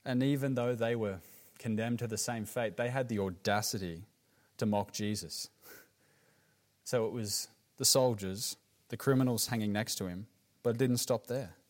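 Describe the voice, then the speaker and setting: A man with an Australian accent preaching a sermon as pastor, earnest and emphatic, dropping his voice low on grave words. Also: normal speed.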